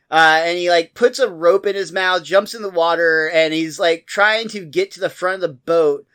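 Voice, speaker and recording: Laughing podcast host recapping an episode. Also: male voice, sits high, moderate pace, hardly any pauses, bright, forceful tone, clean tone. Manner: laughs often while retelling scenes.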